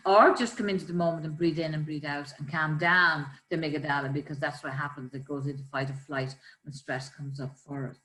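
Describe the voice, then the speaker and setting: Low-voiced woman coaching. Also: fairly quick. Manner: calm, explanatory, gives examples. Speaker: life coach. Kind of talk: conversational coaching talk. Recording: roomy echo.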